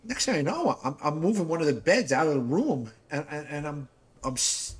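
A man tells his story with a lively, swooping voice that sits a little high. He rambles, repeats himself and keeps checking in with his listener. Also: normal speed. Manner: rambling, repeats "all right?", animated. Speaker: reality show cast member. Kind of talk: casual after-show storytelling.

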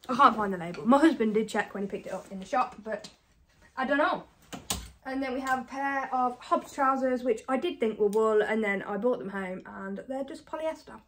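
A woman from the UK chatting casually to camera about her thrift finds, fast and self-deprecating, a bit out of breath. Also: a little high, a bit bright, slight background noise. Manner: chatty and self-deprecating, talks fast with many ums and likes. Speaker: reseller vlogger. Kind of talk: casual haul chat to camera.

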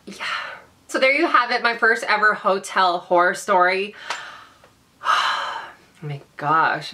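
A woman's voice: on the low side, bright, forceful tone. A young woman telling a storytime vlog in a chatty, dramatic way, full of "like" and "you know". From Vancouver, Canada. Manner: chatty, dramatic, heavy use of "like". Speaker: beauty vlogger.

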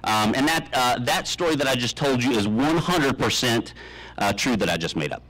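Man, 30s, graduation speaker, dry deadpan humor, halting fillers, mid-range voice. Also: medium pitch, low-quality recording. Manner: deadpan tall tales with many ums. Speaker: commencement speaker. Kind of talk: humorous commencement speech. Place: graduation ceremony, speaking to an audience.

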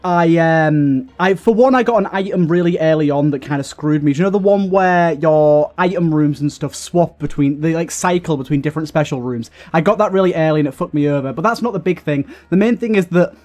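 A man's voice: a little high, a little fast, hardly any pauses, a little mellow. A young man giving casual, rambling let's-play commentary while playing, exasperated and restarting often, with lots of fillers. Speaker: gaming YouTuber.

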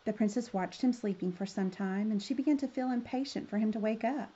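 A woman reading a children's fairy tale aloud in a gentle, expressive way. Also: medium pitch, brisk, slightly rough. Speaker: storyteller. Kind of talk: children's story read-aloud. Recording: slightly dull lo-fi sound.

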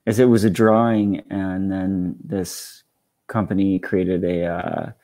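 Guest spot: deep-voiced man, rambling casual chat, swears, video call. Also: level tone, slow pace, mellow. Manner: rambling, swears freely, many fillers.

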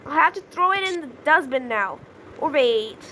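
High bright young woman gaming. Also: animated, normal speed, a little hiss or hum, rough recording. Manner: chatty, easily flustered, gasps and exclaims. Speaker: gaming YouTuber. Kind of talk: casual gameplay commentary.

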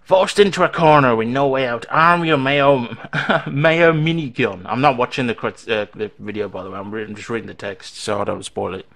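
A man's voice: medium pitch, normal speed, gravelly, hardly any pauses, fairly bright tone. A man giving casual let's-play commentary on a horror game, panicking, laughing and chattering to himself into a desktop mic at home. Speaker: gamer playing a horror game. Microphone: desktop microphone. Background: game music.

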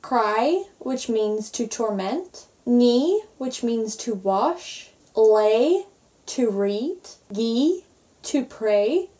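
A young woman with an Irish accent explains grammar at an unhurried, careful pace, in a fairly high voice. She spells things out letter by letter like a patient teacher. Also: animated, warm tone. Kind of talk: online grammar lesson.

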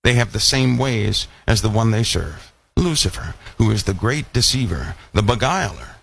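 Animated preaching man, lively swooping voice. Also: fairly low pitch, normal speed, gravelly, a little hiss or hum. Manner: animated, full of rhetorical questions. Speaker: Bible study preacher. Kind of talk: live online sermon.

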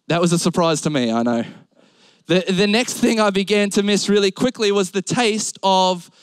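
A man's voice: sits high, clear, resonant tone, no room sound. A young Australian man preaching a sermon, mixing humorous stories with Bible quotes. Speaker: pastor.

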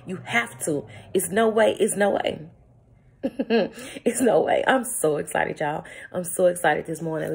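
A woman's voice: fairly low pitch, vocal fry, darkish tone, slightly rough. A woman giving an emphatic, preachy motivational morning talk, laughing often as she speaks. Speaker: vlogger. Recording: phone-recorded vlog.

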